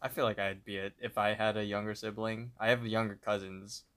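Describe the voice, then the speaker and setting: A man's voice: fairly low pitch, clear, resonant tone. A young man co-hosting a podcast, casually retelling a cartoon episode and briefly imitating the characters. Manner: relaxed, retells scenes with quick character voices. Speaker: podcast co-host.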